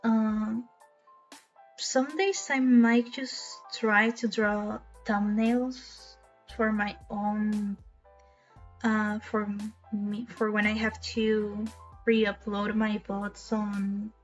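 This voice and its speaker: A woman's voice: mid-range voice, level tone, drawn-out words, faint music behind. A young woman streaming live, chatting earnestly and emotionally with small laughs and many restarts. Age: young adult. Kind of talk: casual live-stream chat. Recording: slightly dull lo-fi stream audio.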